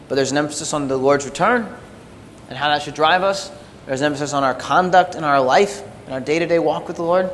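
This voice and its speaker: A male pastor preaching a sermon with emphatic, animated delivery, recorded in a church. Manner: animated, emphatic preaching, quieter closing prayer. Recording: reverberant hall with faint rumble.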